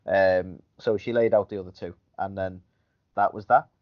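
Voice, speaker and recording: A man's voice: low-pitched, steady tone, normal speed. Man griping on a podcast. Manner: rambling, griping, chuckling. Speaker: podcast co-host. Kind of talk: casual wrestling chat. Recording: dull lo-fi podcast audio.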